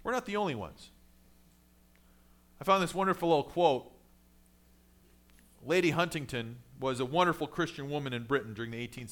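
A man with a high, bright voice preaching to his congregation. He talks in a conversational way, pressing his points with force and then letting his voice fall low and soft. His pitch sits well above most men's. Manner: conversational preaching, rising emphatic then dropping low and quiet. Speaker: pastor. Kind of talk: sermon.

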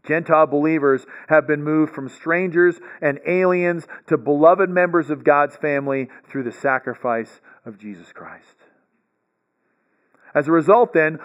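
High-voiced man teaching scripture. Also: fairly bright tone, highs cut off. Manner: explanatory, frequent "right?" check-ins and restarts. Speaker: bible teacher. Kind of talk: recorded bible lecture.

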